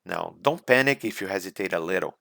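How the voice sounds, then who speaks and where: A man teaching an English speaking exam in a recorded slideshow lecture, deliberate and coaching, repeating key points. English is not his first language. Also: low-pitched, expressive, creaky, a bit bright, dry recording, studio quality.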